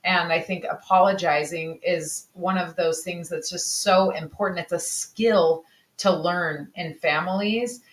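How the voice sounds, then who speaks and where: A woman's voice: lowish voice, steady tone, a little slow. A woman co-hosting a casual podcast about parenting, talking in a candid, reflective way. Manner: reflective, candid, sometimes swears. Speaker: podcast co-host. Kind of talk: casual conversation. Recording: echoey room.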